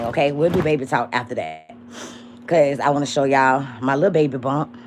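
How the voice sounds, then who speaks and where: Brash young woman ranting on a livestream. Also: slight background noise. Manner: blunt, profane, calls out a rival; swings between loud mocking and low murmurs. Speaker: livestream host. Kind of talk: casual livestream rant.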